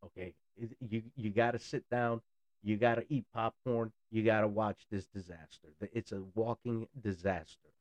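A man's voice: on the low side, steady tone, moderate pace, darkish tone, dry recording. A man in a blunt, sarcastic ranting monologue who swears freely. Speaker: political commentator.

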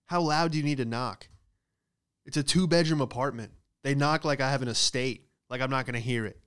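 A man's voice: mid-range voice, a little fast, fairly bright tone, smooth. A man doing a casual, profane comedic monologue, riffing with exaggerated bits about everyday hassles. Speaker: comedian host.

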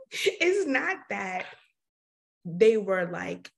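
A woman co-hosting a relaxed conversation, reflecting on parenting and laughing easily. Her voice swings widely in pitch, lively and expressive. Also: extremely slow, gravelly. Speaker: podcast co-host and mother. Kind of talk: casual chat.

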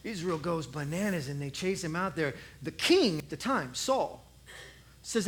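A preacher telling a Bible story in an animated, conversational, jokey way. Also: medium pitch, a little slow. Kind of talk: comic sermon storytelling.

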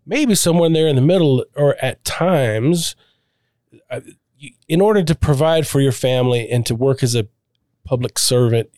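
A man's voice: medium pitch, animated, normal speed, darkish tone, no echo, clean studio sound. A man hosting a casual podcast conversation, reflective and thinking aloud, with frequent restarts. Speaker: podcast host, coach to clients.

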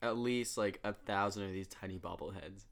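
A man's voice: deep voice, normal speed, gravelly, crowd noise. A young man in a casual chat with friends, rambling through stories with many fillers and laughs.

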